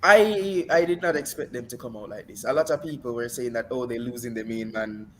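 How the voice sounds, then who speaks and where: A man's voice: mid-range voice, a little fast. Guy on a football podcast, playful and over the top, telling stories, faint hiss in the back. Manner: animated storyteller, playful exaggeration. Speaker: podcast co-host. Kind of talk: casual sports chat. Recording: faint background noise.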